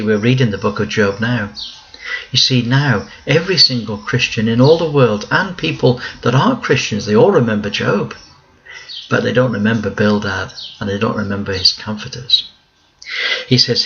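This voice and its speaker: A man teaching a Bible lesson, reading verses aloud and then explaining them in plain conversational words, slow and emphatic. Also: on the low side, sharp tone, muffled recording, a little hiss or hum.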